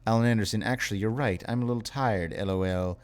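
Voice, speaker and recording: A tired young man live-streaming, reading viewer messages aloud in a wry, unhurried way. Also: lowish voice.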